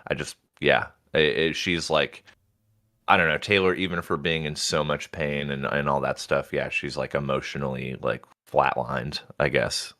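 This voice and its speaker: A man co-hosting a livestream book discussion, chatting in a relaxed way and swearing now and then. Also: rumbling low, normal speed. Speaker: podcast co-host.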